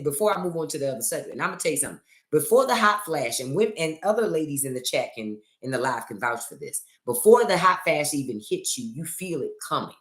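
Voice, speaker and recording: A woman's voice: deep voice, a bit bright. A middle-aged woman hosting a casual livestream chat, joking and telling stories with theatrical flair into a phone. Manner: chatty, joking, theatrical storytelling. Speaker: livestream host. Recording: echoey room.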